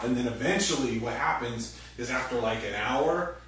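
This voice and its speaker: A man's voice: medium pitch, normal speed. Man preaching in a very echoey hall. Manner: animated, acts out quoted voices loudly. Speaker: pastor. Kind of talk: sermon. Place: church hall. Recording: very echoey room, distant mic, faint noise.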